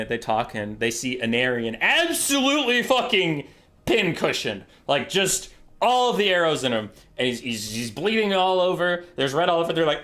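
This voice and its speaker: Animated, rambling, sweary male streamer. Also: mid-range voice. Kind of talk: comic storytelling while playing a strategy game.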